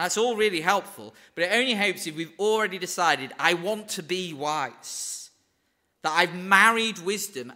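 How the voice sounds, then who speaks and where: A man's voice: high voice, sharp tone. A man with a Northern English accent preaching a sermon in an earnest, conversational way, with wry asides.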